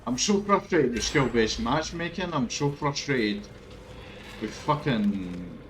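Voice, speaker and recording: A man giving live gameplay commentary, swearing often and bursting into loud, frustrated outbursts. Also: mid-range voice, lively intonation, slow, a little hiss or hum, rough recording. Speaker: gaming video creator.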